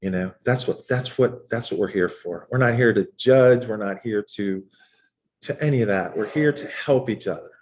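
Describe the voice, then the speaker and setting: A man sharing his own story at a group meeting, lively and animated in the telling. His voice leaps up high whenever he quotes someone, then drops back into an easy, mid-range speaking voice. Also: normal speed. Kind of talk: personal recovery story told to a group.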